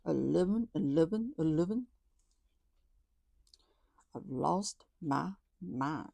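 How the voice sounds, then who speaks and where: A woman chatting casually to viewers while counting out savings, talking soft and low close to the mic. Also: animated, takes it slowly, creaky, no room sound. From Texas. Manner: chatty, soft and low, says y'all often. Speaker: budgeting vlogger.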